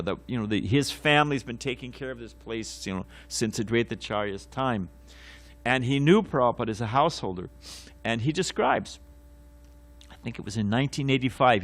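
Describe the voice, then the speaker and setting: A man teaching a devotional morning class, weaving stories into the lesson. His talk wanders, full of fillers and restarts, then flares into forceful quoted lines. Mid-pitched, in a temple class setting. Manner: digressive, with many fillers and self-corrections; dramatizes quotes with sudden loud bursts. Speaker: swami giving morning class. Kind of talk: devotional class lecture with storytelling.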